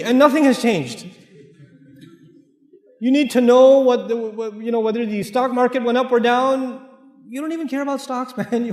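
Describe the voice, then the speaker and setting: High-voiced man preaching in an echoey hall. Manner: emphatic, repeats key phrases, joking asides. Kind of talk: lively sermon to a live congregation. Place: large hall with a congregation. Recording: echoey hall with long reverb.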